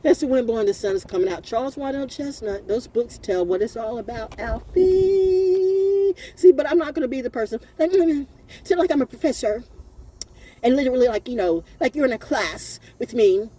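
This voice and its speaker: Animated, profane woman ranting. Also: on the high side, brisk. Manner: animated and profane, laughing often. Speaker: vlogger. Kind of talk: unscripted ranting monologue.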